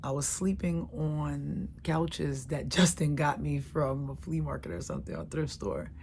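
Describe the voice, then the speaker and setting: A middle-aged woman telling a candid, emotional personal story, dropping to a hush and rising loud by turns. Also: low-pitched, expressive, measured pace, slight background noise. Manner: candid, emotional, swings between hushed and loud.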